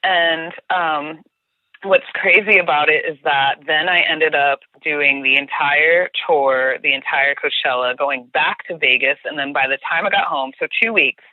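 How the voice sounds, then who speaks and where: A woman's voice: deep voice, unhurried, dry recording. A young woman guest on a podcast, chatting casually and giggling as she tells a story. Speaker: podcast guest, tour guide. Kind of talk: casual chat. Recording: tinny phone line, dry.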